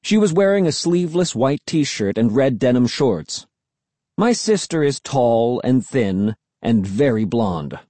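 Husky, mellow-voiced male narrator, lively storybook delivery, dry close mic. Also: medium pitch, unhurried, no echo. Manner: expressive, first-person storytelling. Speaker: audiobook reader.

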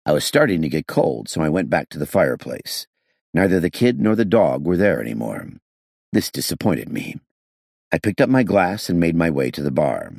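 A male audiobook narrator with a very deep, gravelly voice. His reading moves lively through the story, with a husky, breathy grain. The recording is close and dry. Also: moderate pace, no echo. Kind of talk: scripted narration.

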